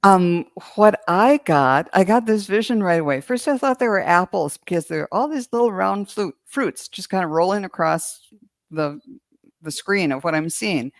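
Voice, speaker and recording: A woman's voice: on the low side, lively intonation, moderate pace, no room sound, studio quality. A woman psychic medium giving a reading on a live stream, describing her visions in vivid detail. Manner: vivid and descriptive, building up imagery.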